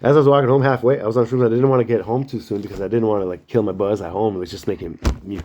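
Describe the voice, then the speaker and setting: A man rambling through a spiritual monologue and story, animated, slangy and full of swearing. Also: fairly low pitch, very fast, slight background noise. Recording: dull lo-fi recording.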